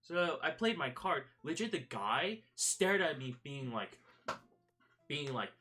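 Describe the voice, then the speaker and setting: A man's voice: fairly high pitch, very animated, slow pace, pushed and bright. A man streaming casual chat, rambling through a story with many fillers and restarts. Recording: faint background music.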